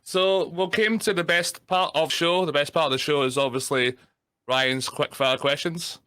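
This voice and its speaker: A man's voice: fairly high pitch, steady tone, moderate pace, sharp tone, clear, resonant tone, no room sound, studio quality. A man with a Scottish accent hosting a casual chat show, chiming in with jokes. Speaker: host.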